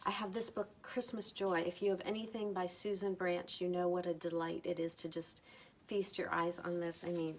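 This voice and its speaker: A middle-aged woman talking casually about books she loves, gentle and enthusiastic, lingering over her words. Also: lowish voice, flat delivery, normal speed. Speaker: book vlogger. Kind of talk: casual recommendation talk.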